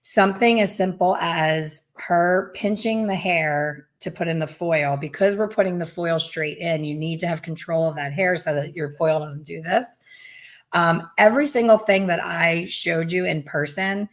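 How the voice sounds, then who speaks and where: A middle-aged woman hosting a casual chat over a video call as a hair color teacher, talking in a chatty, animated way with playful, self-mocking asides. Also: on the low side, normal speed. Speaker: hair color educator and host.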